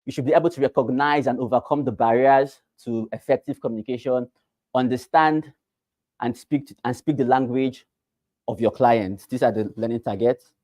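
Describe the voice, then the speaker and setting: A man's voice: medium pitch, normal speed, a little mellow, no room sound. A Nigerian man teaching a class for realtors, repeating key phrases and quizzing the listeners with rhetorical questions. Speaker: real estate trainer.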